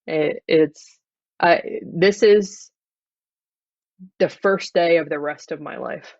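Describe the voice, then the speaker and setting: An improv comedy guest stays in character through an improvised interview, speaking slowly in a flat, deadpan tone at a middle pitch. The video call audio sounds dull, lo-fi and dry, with no room echo.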